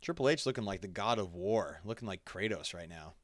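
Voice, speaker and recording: A man giving jokey, excitable playthrough commentary over a video game, talking back to the characters. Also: low-pitched, fairly quick, dry recording, studio quality. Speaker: gaming commentator.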